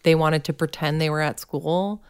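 A woman in her thirties co-hosts a podcast, chatting casually and dropping "like" often. Her deep voice is smooth and steady, at a normal speed.

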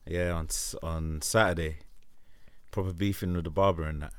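A man's voice: sits low, normal speed, clean tone, dry recording, clean studio sound. A young man telling a long story in a casual chat, full of slang. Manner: London slang, animated storyteller.

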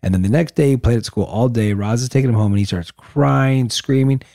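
Calm man with a mellow voice. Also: brisk, creaky, no room sound, studio quality. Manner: calm, low-key, teasing. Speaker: podcast co-host. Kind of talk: casual chat.

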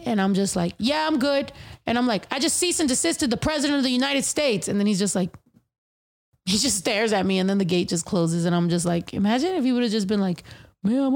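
A woman hosting a podcast in casual chat, telling stories in an animated, profane way full of slang. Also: medium pitch. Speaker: podcast host.

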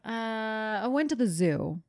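A young woman and mother co-hosting a podcast, telling a funny story in an animated way, swearing casually. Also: on the high side, takes it slowly, no room sound, clean studio sound. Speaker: podcast co-host. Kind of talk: casual chat.

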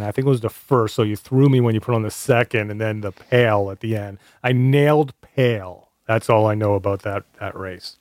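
A man co-hosting a relaxed podcast discussion. His voice sits at a middle pitch and sounds dry and close to the mic, and he talks haltingly with frequent stammered restarts. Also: no room sound. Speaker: podcast co-host. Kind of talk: casual chat.

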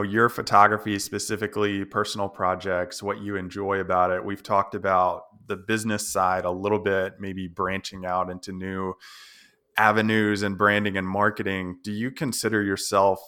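This is a male podcast host with a low-pitched voice. His tone is bright and forceful. He asks curious, short follow-up questions in a casual interview.

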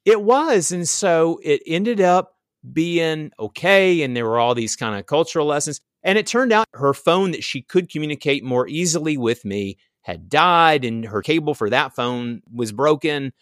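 A man telling a story in casual chat, animated and acting out what people said. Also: a little high, normal speed, no echo, studio quality. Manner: animated storytelling, acts out quotes.

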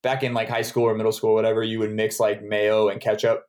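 A young man hosting a casual podcast chat in a relaxed, questioning way. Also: on the low side, fast talker. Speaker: podcast host.

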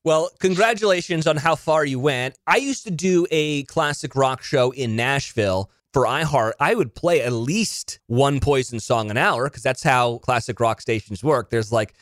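A man hosting a podcast interview in a relaxed, jokey, slangy manner. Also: mid-range voice, moderate pace, hardly any pauses, no echo, studio quality. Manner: laid-back, jokey, slangy. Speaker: podcast host. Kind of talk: casual interview chat. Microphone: podcast microphone over video call.

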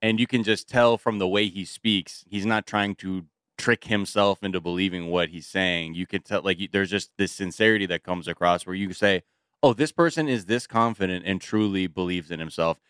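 A man's voice: deep voice, normal speed, a bit bright, clean tone, dry recording, studio quality. A man co-hosting a podcast, chatting casually and riffing with enthusiasm. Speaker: podcast co-host. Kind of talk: casual chat.

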